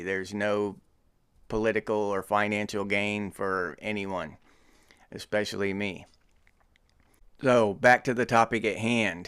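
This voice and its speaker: Smooth-voiced American man teasing casually. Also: fairly low pitch, fairly bright tone, no echo, clean studio sound. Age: middle-aged. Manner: teasing, joking, chuckles often. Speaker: podcast host. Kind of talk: casual comedic commentary.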